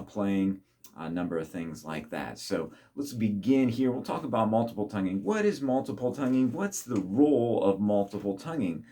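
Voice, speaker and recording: A man's voice: on the low side, warm tone. A man teaching trumpet, patiently explaining and speaking tonguing syllables aloud for the viewer to repeat. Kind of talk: instructional talk to camera.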